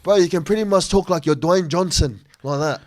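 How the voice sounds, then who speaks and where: A man from Sydney, co-hosting a casual podcast and explaining speaking tips with animated examples. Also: a little high, brisk. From Sydney, Australia.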